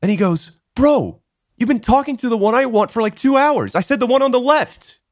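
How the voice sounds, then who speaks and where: A young man hosts a casual podcast chat and tells a long story. He swears a lot and laughs as he goes, with his pitch jumping all over the place. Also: fairly quick, dry recording, clean studio sound. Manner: animated, swears a lot, laughs while telling. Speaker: podcast host.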